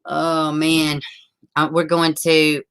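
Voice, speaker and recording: A woman's voice: deep voice, completely flat delivery, slow, a bit bright, clear, resonant tone. A woman, hosting a casual livestream, chatting with viewers, laughing often and swearing freely. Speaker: livestream host reading viewer comments.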